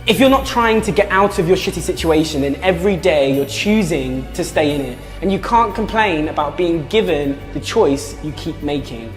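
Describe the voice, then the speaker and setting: A woman speaking calmly and frankly about change. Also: deep voice, normal speed, few pauses, in a large hall, faint music behind. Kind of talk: reflective talk.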